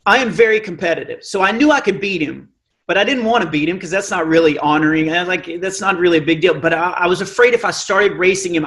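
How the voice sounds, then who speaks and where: A middle-aged man with a naturally high voice telling a self-mocking comic story on stage, acting out the dialogue. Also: a bit bright. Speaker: Christian comedian. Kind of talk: stand-up storytelling. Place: live event stage.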